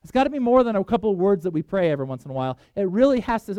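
A man preaching a sermon, reading scripture aloud with emphatic swings in loudness. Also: high voice, big pitch swings, very fast, few pauses, no room sound. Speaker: pastor.

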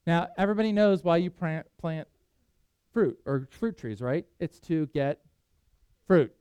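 A man's voice: a little high, expressive, a little slow, long pauses, dark tone, clean tone, dry recording. A man preaching a sermon, earnest and conversational, with self-deprecating asides. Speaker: pastor.

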